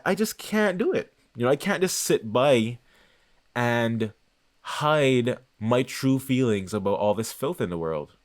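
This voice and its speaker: A man hosting his own channel, talking in a casual, unscripted monologue that rambles, searches for words and restarts often. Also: medium pitch. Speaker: channel host.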